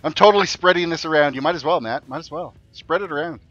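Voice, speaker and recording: A man talks casually while streaming a game, in a slightly high voice. He jokes and reads viewers' messages aloud between bits of play, with faint music in the background. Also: fast, fairly bright tone, no echo, highs cut off. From Canada. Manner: chatty and joking, reads chat aloud. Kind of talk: casual commentary while playing.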